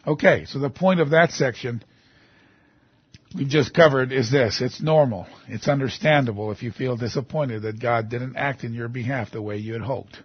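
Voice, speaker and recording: Husky preacher man reading scripture. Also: mid-range voice, moderate pace, no room sound, dull audio. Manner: reads scripture aloud with rising emphatic outbursts. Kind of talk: sermon.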